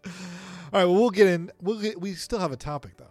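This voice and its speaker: A man's voice: high voice, normal speed, darkish tone, no room sound, faint music behind. Bantering man hosting a faith podcast. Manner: laughs often, joking banter. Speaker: podcast co-host. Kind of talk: casual chat. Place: studio.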